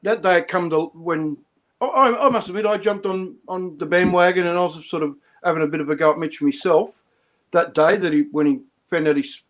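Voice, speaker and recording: A man talking casually as a stream guest, voice sitting a little high. He rambles, restarts his sentences and chuckles as he goes. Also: a little fast, a bit bright. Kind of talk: casual chat.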